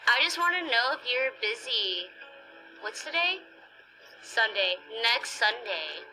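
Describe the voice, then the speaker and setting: A woman in a played clip, asking someone out on the phone in a halting, laughing way. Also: fairly high pitch, big pitch swings, music in the background, low-quality recording. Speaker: caller in a prank-call clip. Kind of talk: casual phone chat. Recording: clip with loud noise behind.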